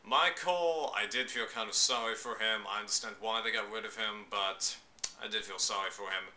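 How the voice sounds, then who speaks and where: A man's voice: lowish voice, moderate pace, pushed and bright, a little hiss or hum. A man giving his opinions in a casual, chatty vlog, loose and slangy, with bursts of exclamation. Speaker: vlogger reviewing a reality show.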